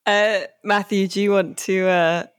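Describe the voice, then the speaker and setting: A man's voice: high voice, level tone, unhurried, a bit bright, smooth, no echo. A man hosting a casual podcast chat, hesitant with many fillers and a dry wit. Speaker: podcast host.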